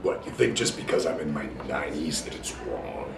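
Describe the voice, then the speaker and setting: A man voicing a gruff, angry old mutant who talks in a sheepish, defensive way. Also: rumbling low, animated, moderate pace, roomy sound, distant mic, background noise, voice pushed down, full character voice.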